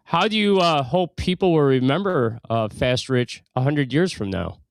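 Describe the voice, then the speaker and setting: Easygoing male podcast host, smooth voice. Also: medium pitch, lively intonation, normal speed. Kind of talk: casual interview.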